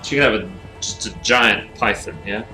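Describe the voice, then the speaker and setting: A man chats on a live stream, thinking out loud and rambling from one idea to the next with frequent laughs. His voice sits a little low but rings bright and forward. Faint music plays underneath. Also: moderate pace. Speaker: streamer designing characters. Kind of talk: casual live-stream chat.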